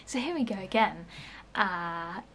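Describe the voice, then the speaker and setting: A woman's voice: medium pitch, animated, a little slow, fairly bright tone. A woman vlogger telling a frustrating work story in a casual, sweary rant full of fillers and restarts.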